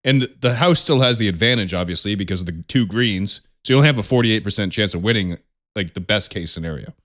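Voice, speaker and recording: A man's voice: on the low side, animated, fast, fairly bright tone. A young man co-hosting a podcast, chatting casually with plenty of profanity and frequent laughter. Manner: profane, ranting, laughs often. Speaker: podcast co-host. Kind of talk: casual chat.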